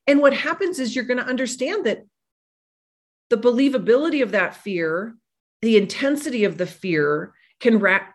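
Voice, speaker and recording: A woman psychologist giving a motivational podcast talk, animated, acting out the quotes she tells. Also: fairly high pitch. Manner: animated, acts out quoted voices.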